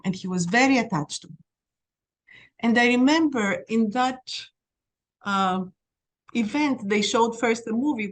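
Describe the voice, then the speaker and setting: A middle-aged woman from Greece, a podcast guest telling stories in a lively way and acting out the dialogue. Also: mid-range voice. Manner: animated storyteller, reenacts dialogue. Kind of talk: storytelling interview.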